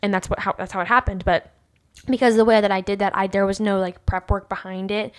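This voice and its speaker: A woman's voice: mid-range voice, steady tone, brisk. A woman hosting a personal faith podcast, telling a story in a rambling way with many fillers and restarts. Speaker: podcast host.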